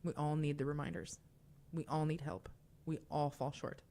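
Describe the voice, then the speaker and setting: A woman's voice: low voice, fairly even intonation, moderate pace, dark tone, slight background noise. A young woman hosting a call-in radio show, talking in a chatty, confiding way with fillers and asides. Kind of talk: casual call-in radio talk.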